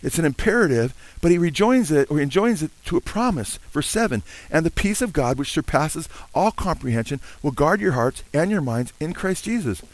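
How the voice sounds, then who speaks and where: A man's voice: a little high, sing-song, fairly quick, hardly any pauses, poor audio. An older man preaching a sermon, earnest and full of amens, now and then singing hymn lines. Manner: earnest, warm-hearted preaching with frequent amens; sings hymn lines between teaching. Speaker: pastor.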